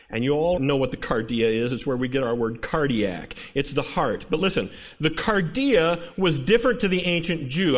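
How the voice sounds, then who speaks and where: High-voiced man preaching conversationally. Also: fairly bright tone, in a large hall. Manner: conversational preaching with rhetorical questions and humor. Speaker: pastor. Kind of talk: sermon.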